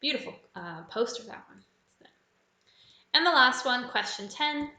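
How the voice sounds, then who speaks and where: A woman hosting a live trivia quiz, with a bright, crisp voice. She walks through each answer in a relaxed, chatty way and drops in little personal asides. Her voice rings in a roomy, echoey space. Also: high-pitched, a little slow. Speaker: quiz host. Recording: echoey room.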